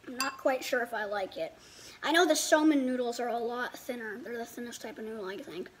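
High-voiced woman rambling through a food review. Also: brisk, slight background noise. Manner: rambling, thinks aloud; talks with mouth full. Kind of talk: casual chat while eating.

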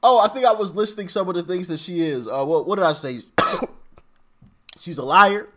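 A man's voice: high-pitched, moderate pace, sharp tone. A man giving casual political commentary on his vlog, laughing often and stammering through repeated restarts. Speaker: commentary vlogger.

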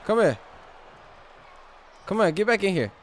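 A man giving loud, trash-talking live commentary while playing a wrestling game. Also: sits high, sing-song, unhurried, slight background noise. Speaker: gaming channel host.

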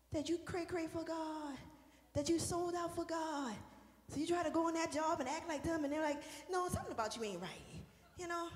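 Female preacher, high and bright, casual banter rising to sung shouts, roomy hall with faint music. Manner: conversational, joking with the congregation, rising into sung shouting. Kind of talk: sermon. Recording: echoey hall with music behind.

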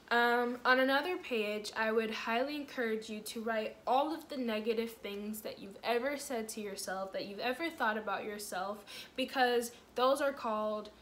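A woman vlogger giving motivational self-improvement advice to the camera, talking fast, rambling and restarting as her words tumble out. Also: fairly high pitch, fairly bright tone, slight background noise. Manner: earnest, coaching, asks the viewer questions. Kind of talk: casual motivational to-camera talk.

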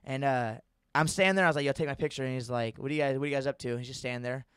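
A man's voice: mid-range voice, fairly even intonation, rapid-fire, a bit bright, clean tone, dry recording, studio quality. A young man telling a rambling, profane story in casual podcast chat.

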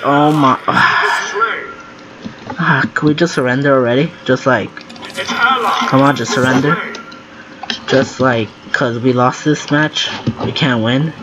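Male gameplay commentator. Slow, flustered, thinking aloud. Recorded over heavy noise. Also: medium pitch, steady tone. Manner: thinks aloud, easily flustered, exclaims and groans. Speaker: gaming video creator. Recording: loud noise under the voice.

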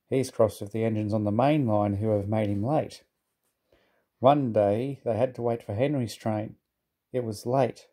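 A man reads a children's storybook aloud at an even, steady pace. His voice has a notably dark, mellow tone at an ordinary pitch. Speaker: narrator.

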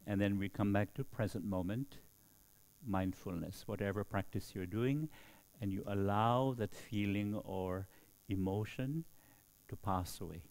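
A middle-aged man speaks as a Buddhist monk giving a dharma talk. His voice sits fairly low, and he talks slowly with many pauses. He keeps checking in with his listeners with a soft questioning "hmm?". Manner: slow, with frequent questioning "hmm?".

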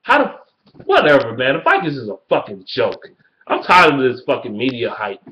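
A man delivering a heated, profane sports rant, repeating himself and swinging between yelling and low mutters. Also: expressive, a little fast, muffled recording, slight background noise. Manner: heated, swearing, rising to yelling. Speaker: sports fan vlogger.

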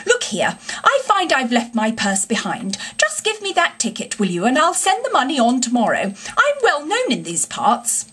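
A sobbing, pleading toad in a washerwoman's disguise, voiced by a woman reading a storybook aloud. He talks high above the reader's own voice, with a husky, breathy edge. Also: wildly swooping pitch, moderate pace, few pauses, bright, forceful tone, heavily acted. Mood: pompous.

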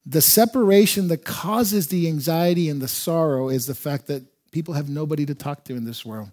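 A male pastor preaching with a husky, slightly breathy voice that sits on the higher side for a man. His tone is dark and mellow. He preaches emphatically and slows down to hammer home key words. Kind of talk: sermon.

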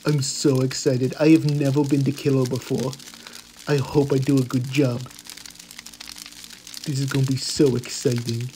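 A man voicing a cheerful, eager pitbull puppy, commenting on gameplay with excitable gasps and goofy puns. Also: mid-range voice, a little hiss or hum. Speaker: game commentator.

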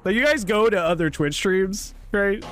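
A man's voice: sits high, lively intonation, moderate pace, a bit bright. A young man streaming a video game, ranting sarcastically and swearing often in casual commentary.

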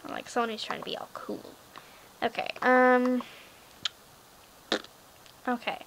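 A teenage girl with a high, light voice talks through her game in a loose, rambling way, filling her sentences with "like" and "um". A faint hiss sits under the recording. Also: little pitch movement, unhurried, vocal fry, a bit bright, poor audio. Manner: rambling, chatty, lots of fillers and "like". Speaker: gaming vlogger. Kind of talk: casual screen-recorded game chat.

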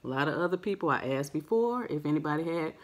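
A soft-spoken woman hosting a mukbang, chatting casually with her viewers and recording without a microphone. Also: lively intonation, fast. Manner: soft-spoken, naturally low-volume voice; friendly, chatty, addresses viewers as family. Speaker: mukbang host. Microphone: no microphone, device's built-in mic.

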